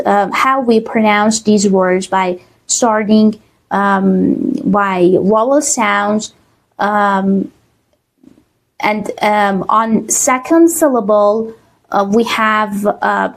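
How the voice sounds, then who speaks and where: Woman, Persian accent, English teacher, slow delivery, lots of fillers, online lesson. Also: mid-range voice. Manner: slow, many fillers, repeats words with "okay?". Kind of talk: online exam-prep lesson.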